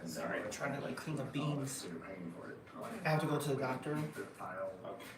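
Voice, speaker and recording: A middle-aged woman hosting a live stream at home rambles animatedly, with lots of fillers and restarts. Her voice rumbles low at a moderate pace over a noisy crowd. The room is echoey, and she's positioned a bit far from the microphone.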